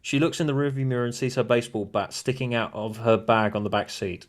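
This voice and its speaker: A laid-back man with a mid-range, steady voice talks fast on a livestream, co-hosting as he types a script. He reads stage directions and script lines aloud in casual chat while keys click in the background.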